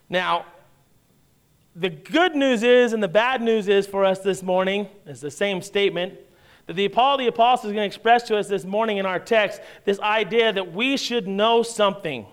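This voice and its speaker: A man preaching a sermon in a church, telling a family story in a conversational way with wry humor. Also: high-pitched. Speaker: pastor.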